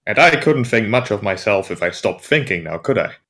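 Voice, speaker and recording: A tabletop player speaks in character, a man with a lowish voice. He answers with wry, dry retorts and an unhurried, sardonic tone. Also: expressive, pushed and bright. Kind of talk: in-character tabletop role-play.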